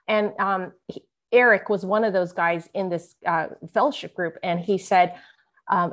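A woman's voice: medium pitch, normal speed. A woman from San Francisco, a guest author, reading from her memoir and talking about it with earnest, vivid emotional emphasis. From San Francisco, USA. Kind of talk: memoir reading mixed with conversation.

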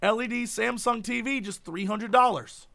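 A young man in casual comedic chat with a friend, animated and jokey, rambling with restarts. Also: extremely high pitch, normal speed, vocal fry. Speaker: co-host.

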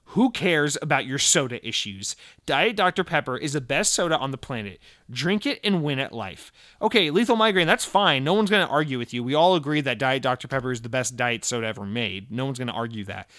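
A man from Massachusetts hosting a podcast in casual chat, animated and profane, jumping between loud rants and muttered asides. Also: mid-range voice, smooth, no room sound, clean studio sound. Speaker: podcast host.

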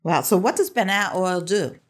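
A woman's voice: on the low side, fairly quick. A woman hosting an interview, asking brief, encouraging questions. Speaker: podcast host.

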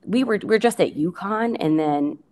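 A woman's voice: mid-range voice, expressive, normal speed, a little mellow. A middle-aged woman, a guest on an interview podcast, talking casually in a rambling way with many fillers and restarts. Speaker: guest, coach's wife.

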